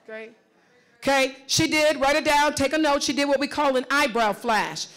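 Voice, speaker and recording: A woman's voice: sits high, fairly bright tone. Emphatic woman coaching from a stage. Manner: emphatic, repeats words in quick bursts; direct, instructive, calls on the audience. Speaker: workshop facilitator. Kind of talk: live coaching session on stage. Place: conference stage before an audience.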